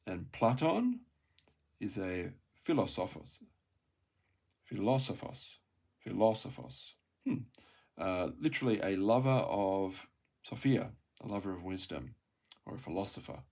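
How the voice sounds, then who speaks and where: A man reading through a Greek textbook aloud, sounding out words slowly, repeating them and correcting himself, with quiet asides. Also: low-pitched, sing-song. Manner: thinks aloud with soft asides.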